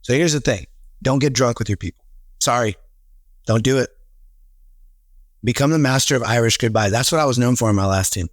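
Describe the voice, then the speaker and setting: A man in a casual podcast conversation, telling stories with animated quoted voices. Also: mid-range voice, fairly quick, pauses often, no echo, clean studio sound. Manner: animated storyteller, acts out quotes. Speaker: real estate team leader, podcast guest.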